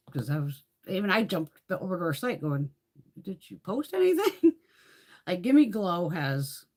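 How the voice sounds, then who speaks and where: A middle-aged woman hosting a casual beauty livestream, chatty and swearing freely as she tells stories. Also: deep voice.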